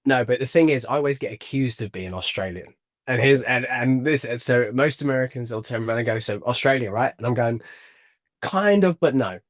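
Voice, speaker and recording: A man's voice: medium pitch, fast talker. An English man chatting cheerfully on a video call as an interview guest, laughing often. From England. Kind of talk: casual interview chat.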